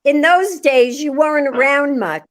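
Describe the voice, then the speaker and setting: A woman's voice: sits high, normal speed. An older woman as a guest on a casual talk show, dry and matter-of-fact. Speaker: guest, host's mother. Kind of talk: casual chat.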